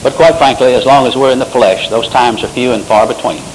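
A man's voice: mid-range voice, fairly quick, slight background noise, poor audio. A man preaching a sermon, quoting scripture and rising into emphatic bursts.

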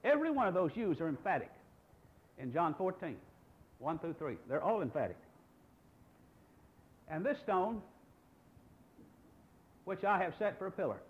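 Older male pastor in his 60s, high animated voice, emphatic sermon delivery, muffled lo-fi recording. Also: moderate pace, pauses often. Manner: emphatic preaching with rhetorical questions.

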